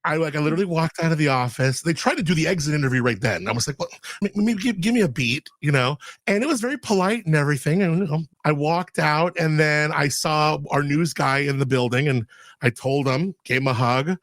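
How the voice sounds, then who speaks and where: A man hosting a casual podcast interview, chatty and animated as he tells stories with quoted dialogue. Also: a little high, fairly quick, no echo, clean studio sound. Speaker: podcast host.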